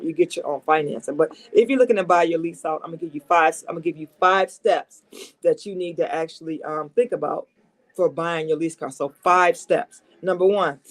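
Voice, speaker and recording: A car saleswoman with a low voice gives casual advice to the camera from her desk at a dealership. She's coming down with a cold and speaks emphatically and chattily, repeating her main points.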